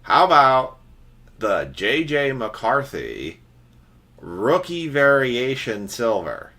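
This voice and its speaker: A man's voice: mid-range voice, big pitch swings, slow, bright, forceful tone. A man hosting a trading card break livestream, chatting casually and teasing his viewers.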